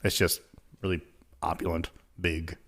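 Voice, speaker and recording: A man's voice: sits low, unhurried, creaky. A man hosting a wine panel in casual chat, laughing often and reading a news item aloud. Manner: laughs often, relaxed and playful. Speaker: wine show host.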